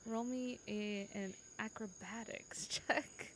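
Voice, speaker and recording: A woman running a tabletop game as game master, playful and quick to laugh. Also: medium pitch, fairly even intonation, a bit bright, a little hiss or hum. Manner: giggly, playful, drawn-out delivery.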